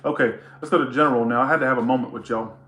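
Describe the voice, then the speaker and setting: A man's voice: mid-range voice, steady tone, very fast, a bit bright, reverberant. A man giving a casual tarot reading to camera, blunt, teasing and full of profanity. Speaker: tarot reader.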